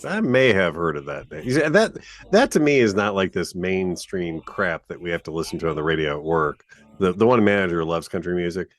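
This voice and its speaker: A man's voice: low voice, animated, brisk, soft background music. A man co-hosting a podcast, ranting bluntly and with plenty of profanity in a casual chat. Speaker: podcast co-host.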